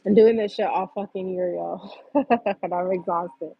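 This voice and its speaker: A woman's voice: on the low side, fairly even intonation, normal speed, vocal fry, husky, dull audio. A woman hosting a livestream, venting bluntly and profanely in a heated rant. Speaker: livestream host.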